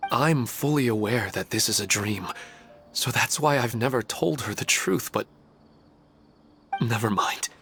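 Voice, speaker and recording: A man's voice: medium pitch, pushed and bright. An actor playing an earnest, plain-spoken husband and father in a video game, speaking in a heartfelt way.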